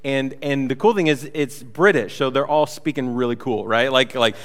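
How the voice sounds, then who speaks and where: A man's voice: medium pitch, moderate pace, big-room sound. A man preaching a sermon as pastor, conversational and joking, with many fillers and restarts. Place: church hall.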